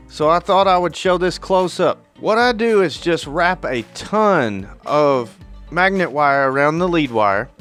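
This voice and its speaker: A man's voice: on the high side, a bit bright. A man from northern Alabama narrating his guitar electronics build in a plainspoken, matter-of-fact way.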